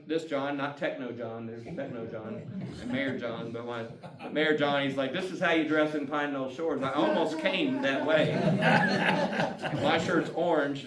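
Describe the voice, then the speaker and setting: A man giving a casual, folksy community talk as a guest speaker, often chuckling between points. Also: mid-range voice. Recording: echoey room, mic far off, guitar music.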